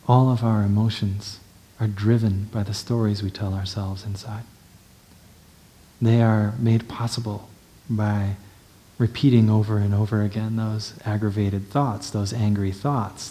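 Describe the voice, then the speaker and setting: A male meditation teacher with a fairly low voice delivers a dharma talk. He speaks gently and without hurry, frequently checking in with the listener.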